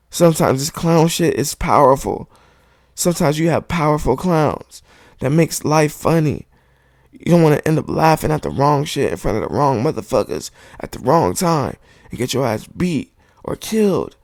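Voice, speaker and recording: Male podcast host, raised gravel-edged voice, dry close sound, heated and profane. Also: a little high, sing-song, normal speed, a little mellow, dry recording. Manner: heated, profane, repetitive insistence. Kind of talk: podcast monologue rant. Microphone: studio microphone.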